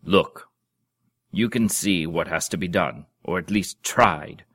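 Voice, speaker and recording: A man's voice: low-pitched, takes it slowly, a bit bright, full character voice. A man doing a roaring old warrior duke. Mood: scornful. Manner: roaring, blunt. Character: gruff old burly duke, blustering warrior.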